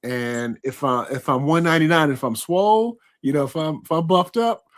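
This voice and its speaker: A man's voice: on the high side, normal speed. Chatty man hosting a live interview. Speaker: interview host. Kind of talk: casual interview.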